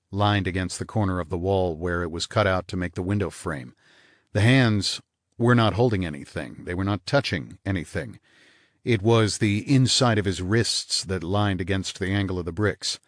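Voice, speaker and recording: A man reading a hardboiled first-person crime novel aloud in a measured, dry delivery. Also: sits low, no room sound. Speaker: audiobook narrator. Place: studio booth.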